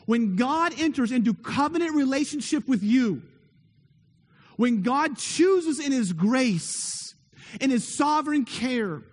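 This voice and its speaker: A man preaching a sermon as pastor, earnest and emphatic, building his points with repeated phrases and rhetorical questions. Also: very high voice. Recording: long reverb of a large hall.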